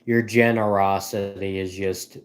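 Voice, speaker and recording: A man's voice: on the low side, flat delivery, unhurried. Rambling, giggly male live streamer. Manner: rambling, self-deprecating, giggly. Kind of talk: casual live-stream chat.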